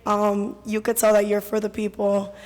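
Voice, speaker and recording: A hoarse woman who has lost her voice, earnestly reading statistics as a public commenter at a council meeting. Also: mid-range voice, monotone, moderate pace, darkish tone. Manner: earnest, reads statistics, repeats her concerns. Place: council chamber. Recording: reverberant council chamber.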